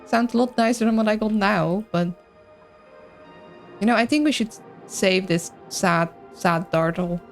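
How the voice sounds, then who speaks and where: During a live game stream, a woman with a somewhat high voice chats excitably and rambles while reading chat. Her accent is a hard-to-place mix.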